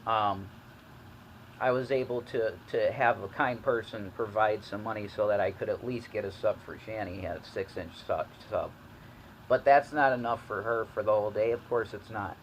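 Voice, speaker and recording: Halting man appealing to viewers. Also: lowish voice, slight background noise, low-quality recording. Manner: halting, repeating himself. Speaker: streamer in a clip.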